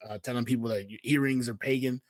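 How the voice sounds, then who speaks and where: A man's voice: medium pitch, fairly even intonation, quick pace, a little mellow, no room sound. A man from Houston, hosting a casual Bible message and talking in a slangy, conversational way full of fillers. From Houston, Texas. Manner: slangy and conversational, fills with "man", "yo", "you know what I mean". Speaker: host.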